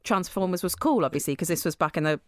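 A woman in her thirties chats on a podcast with a slightly low voice. She tells her stories with swearing and comic indignation. The sound is dry and close, with no room echo. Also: lively intonation, fast talker. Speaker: guest, actress and comedian. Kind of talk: casual podcast chat.

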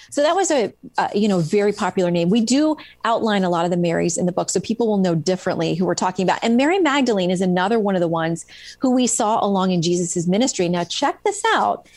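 A woman's voice: medium pitch, quick pace, dry recording. Earnest woman author retelling stories. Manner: earnest, animated retelling with many fillers. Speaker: guest author. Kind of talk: conversational storytelling interview.

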